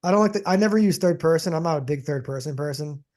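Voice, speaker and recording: Fast-talking high-voiced podcast man. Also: a little mellow. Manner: rambling, restarts often, says dude and man. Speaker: podcast co-host. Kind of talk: casual chat.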